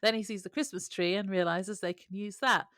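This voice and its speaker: A woman's voice: medium pitch, fairly even intonation, brisk, a bit bright, no room sound, clean studio sound. A woman co-hosting a podcast, recapping a TV episode in casual chat with a wry, laughing manner. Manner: wry, laughs often between remarks. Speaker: podcast co-host.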